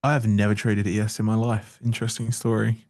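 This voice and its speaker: A man's voice: fairly low pitch, little pitch movement, brisk, darkish tone, no room sound. A man giving casual live-stream trading commentary, joking wryly and answering chat aloud into a close mic.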